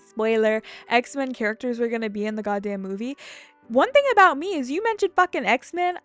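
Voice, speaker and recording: A young woman gaming YouTuber chats casually over her gameplay in a medium-pitched voice. She rambles from one topic to another, gets excited, and swears freely.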